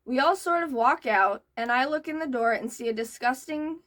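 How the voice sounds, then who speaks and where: Young woman reading posts out loud then going off on them, high and bright voice, super exasperated. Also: moderate pace. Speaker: reaction video host. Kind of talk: reading and reacting to online posts.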